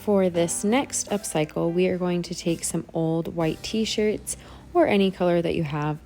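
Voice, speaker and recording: A woman giving a relaxed, step-by-step voice-over for a craft tutorial. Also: on the low side. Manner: easygoing, step-by-step explaining.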